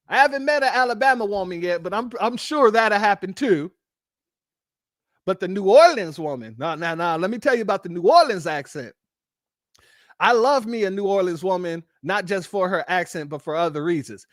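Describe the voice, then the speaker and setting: A man from Los Angeles hosting a casual livestream, talking in an animated way and jumping into a high playful voice when he quotes people. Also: moderate pace, no room sound, clean studio sound. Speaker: livestream host.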